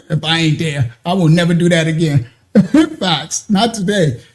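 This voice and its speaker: A man telling a personal story in a casual way, animated and often laughing. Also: on the high side, unhurried. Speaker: ministry speaker.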